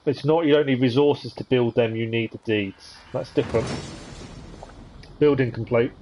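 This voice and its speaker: A man's voice: medium pitch, fairly even intonation, moderate pace, background noise. A man giving casual commentary on a live gameplay stream, thinking aloud as he plays. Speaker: game streamer.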